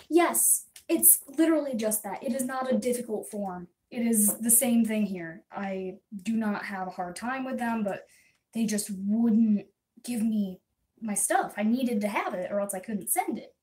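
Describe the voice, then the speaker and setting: A woman with a somewhat high voice tells a meandering story in a casual livestream. She talks in a loose, venting way, full of fillers and asides, as if chatting with regular viewers. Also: a little slow, mellow. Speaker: small shop owner packing orders.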